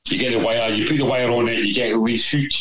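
A man's voice: medium pitch, fairly even intonation, quick pace, fairly bright tone, rough recording. A man telling a rambling anecdote over casual chat, swearing constantly. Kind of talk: casual storytelling.

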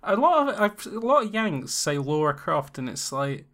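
A man's voice: sits high, sing-song, moderate pace, a bit bright. A man riffing in a casual brainstorming chat, rambling and playful with lots of restarts and asides.

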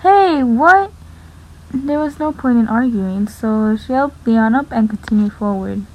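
Woman narrator, amateur story reading, fairly high voice, steady delivery. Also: moderate pace, rough recording.

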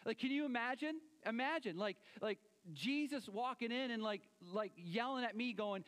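A man preaching a sermon, animated, acting out quoted voices and swinging between loud and soft. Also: very high voice, normal speed, hardly any pauses, big-room sound. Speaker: pastor.

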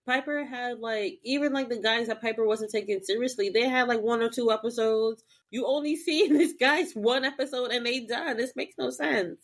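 A woman co-hosting a podcast, recapping a TV episode in an animated, profane way. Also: fairly high pitch, moderate pace, few pauses. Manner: animated, profane, acts out characters. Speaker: podcast co-host. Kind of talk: casual chat recapping a TV episode.

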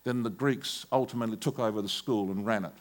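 A man's voice: fairly low pitch, fast, slight background noise. An older man with an Australian accent, a pastor preaching a sermon and telling stories from his own life. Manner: storytelling, rising to forceful preaching.

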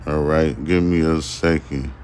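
A man's voice: rumbling low, steady tone, a little slow, darkish tone, slight background noise. A young man hosting his own podcast, reading news stories and riffing on them in a loose, profane, rambling way with many fillers. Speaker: podcast host. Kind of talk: casual solo podcast news commentary.

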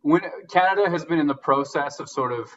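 A man's voice: fairly high pitch, brisk, a bit bright, far from the mic, dull audio. A man guesting on a sports podcast, eager and openly emotional about the games, filling gaps with "like" and "um". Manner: enthusiastic, gets emotional, fillers like "like" and "um". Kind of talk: casual sports chat.

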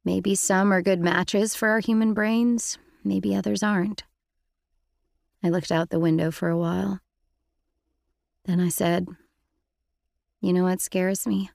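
A woman's voice: mid-range voice, fairly even intonation, measured pace, creaky, pauses often, dry recording, clean studio sound. A woman reading an audiobook in the first person, with intimate, reflective storytelling. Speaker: audiobook narrator.

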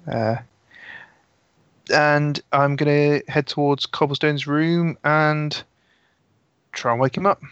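A man's voice: on the high side, fairly even intonation, takes it slowly, pauses often, a bit bright, clear, resonant tone, no room sound. Male tabletop player, casual and foul-mouthed, dull lo-fi recording, dry sound. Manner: casual, swears freely. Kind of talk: tabletop role-play in and out of character.

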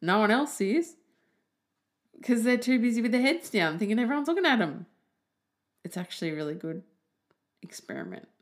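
A woman hosting a casual solo podcast, chatty and animated, swearing freely. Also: on the high side, normal speed, pauses often. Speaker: podcast host.

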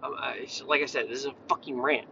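A man's voice: mid-range voice, steady tone, quick pace, creaky, sharp tone, highs cut off, a little hiss or hum. A man who is a fitness coach, ranting bluntly and swearing a lot in casual talk, jumping from point to point. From Tennessee, USA. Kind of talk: profane casual rant.

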